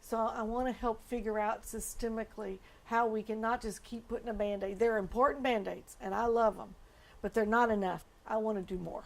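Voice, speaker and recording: A woman's voice: on the high side, fairly even intonation, fairly quick, gravelly. A woman pastor speaking in a documentary interview, earnest and emotional as she tells her story.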